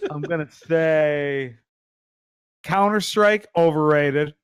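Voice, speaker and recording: A man's voice: fairly high pitch, takes it slowly, smooth, dry recording. A man on a casual gaming podcast, hesitant, with lots of ums and likes. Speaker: podcast co-host.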